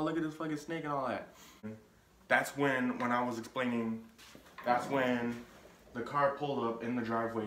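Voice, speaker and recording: A man's voice: medium pitch, fairly bright tone, reverberant, slight background noise. A young man telling a casual story on his vlog, rambling with lots of filler words and restarts. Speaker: vlogger.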